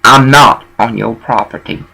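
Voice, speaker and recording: A man's voice: mid-range voice, steady tone, unhurried, gravelly, pushed and bright, low-quality recording. A man telling a rambling, profane story in a casual monologue and dropping in bits of Spanish.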